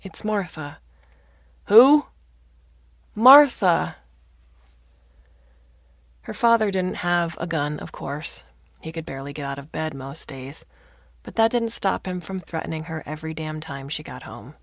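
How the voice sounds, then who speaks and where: Low, gravelly woman narrator. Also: normal speed, no room sound, clean studio sound. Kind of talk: scripted story narration.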